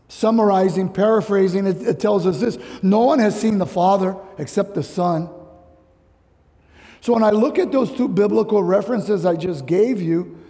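Man, pastor, from Hawaii, emphatic sermon, slangy asides, mellow dark tone, reverberant church hall. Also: high voice, gravelly. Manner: animated, emphatic preaching with casual slang asides.

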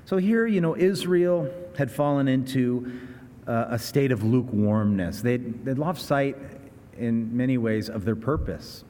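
Man, pastor, sermon, earnest conversational preaching, mid-pitched voice, reverberant church hall. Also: a little slow, warm tone.

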